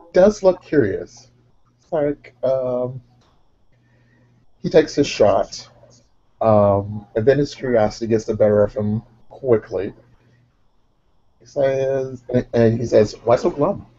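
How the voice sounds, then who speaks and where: A man narrating his character's actions in a tabletop game, relaxed and rambling, with lots of fillers. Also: mid-range voice, takes it slowly, pauses often. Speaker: player. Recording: dull lo-fi recording.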